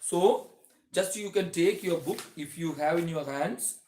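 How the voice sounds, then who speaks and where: A male teacher talks through a grammar lesson in a slightly high voice. He begins many sentences with "so", restarts phrases, and slows down to stretch out each example word. The sound echoes around the room. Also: a little mellow. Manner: explains slowly with many "so" openers and restarts, stretches example words. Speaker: English teacher.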